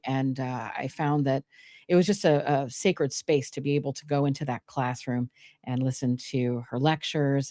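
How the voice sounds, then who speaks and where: A woman guest in a live online interview, answering thoughtfully and pausing to find her words. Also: extremely low pitch, warm tone, dry recording, studio quality. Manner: reflective, searching for words. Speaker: guest, cognitive archaeologist. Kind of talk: casual interview talk. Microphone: own microphone in an online audio space.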